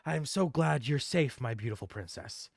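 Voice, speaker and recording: A man voicing a tiny, gruff gnome king who is a proud and protective father, indignant and blustering. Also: medium pitch, animated, normal speed, no echo, studio quality.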